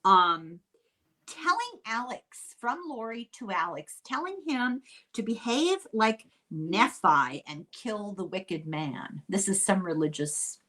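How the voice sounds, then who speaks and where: A woman's voice: medium pitch, big pitch swings, pushed and bright. Older woman, chatty storyteller. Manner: chatty and unhurried, dry asides. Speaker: podcast host. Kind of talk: casual true-crime storytelling.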